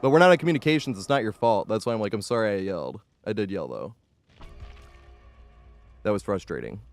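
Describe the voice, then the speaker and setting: A man commentating his own live gameplay stream in a chatty way, shouting at the game when it goes wrong and then apologizing, and thanking viewers as he plays. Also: lowish voice, animated, a little fast, faint music behind.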